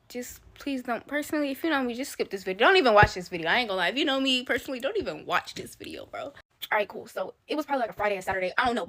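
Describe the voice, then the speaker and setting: Very fast-talking slangy young woman. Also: medium pitch, a bit bright. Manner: slangy, rapid, chatty asides. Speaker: storyteller. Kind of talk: casual storytime.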